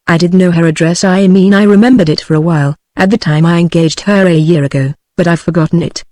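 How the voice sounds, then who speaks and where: This is a text-to-speech woman's voice with a British English accent, fairly low and fast, close to an everyday voice, recorded clean with no room sound. It reads an anxious female singer's dialogue flatly and synthetically, never changing voice.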